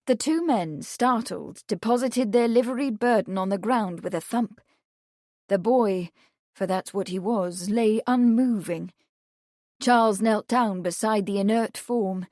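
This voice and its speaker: A woman reads a period mystery aloud in a steady, even narration. Her voice sits close and dry, with no room sound. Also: medium pitch, moderate pace, no echo. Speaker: audiobook narrator.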